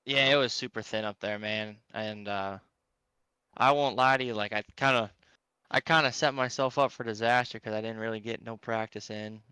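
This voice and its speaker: A man's voice: fairly low pitch, fairly even intonation, moderate pace, sharp tone, smooth, no room sound. Easygoing race driver man. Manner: easygoing, casual. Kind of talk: post-race interview.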